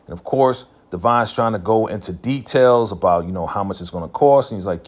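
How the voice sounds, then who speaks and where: A man's voice: fairly low pitch, brisk. A man casually recapping a TV episode in a laid-back, slangy way, full of filler phrases.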